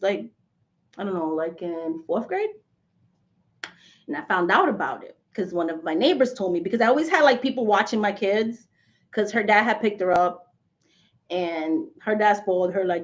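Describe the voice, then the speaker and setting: A woman in her forties chatting casually with viewers, telling animated stories and laughing often. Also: medium pitch. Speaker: spiritual reader and channel host. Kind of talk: casual live chat with viewers. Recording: dull lo-fi livestream audio.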